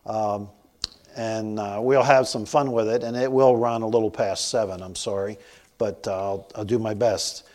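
A man's voice: fairly low pitch, steady tone, moderate pace, a little mellow. A man in his sixties preaching, telling a funny story about himself and often laughing as he goes. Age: 60s. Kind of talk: storytelling sermon.

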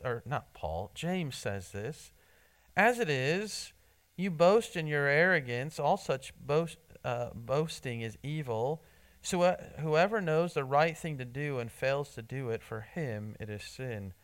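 A man preaching a sermon in church, earnest, often restarting his words and swinging between loud emphasis and soft asides. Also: a little high, animated, unhurried. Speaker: pastor.

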